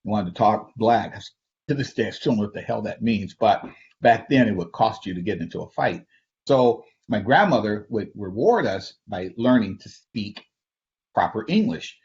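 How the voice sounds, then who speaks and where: A middle-aged man from Flint, Michigan, tells personal stories to an audience in a loose, conversational way. He chuckles often and restarts his sentences. His voice sits fairly low, and the recording sounds dull and lo-fi. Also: animated, moderate pace, darkish tone. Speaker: invited speaker. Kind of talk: personal storytelling talk.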